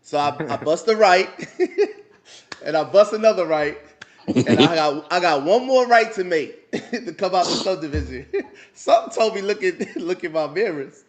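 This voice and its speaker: A man with a high-pitched voice tells a long, animated story in loose, casual podcast talk. He keeps breaking into laughter and acts out the voices of the people in it. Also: normal speed. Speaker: podcast co-host telling a story.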